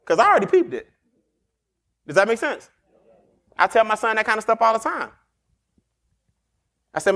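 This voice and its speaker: A man hosting a show, giving street-wise motivational advice in an animated way, laughing often and acting out quick exchanges. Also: high-pitched, gravelly. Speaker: podcast host.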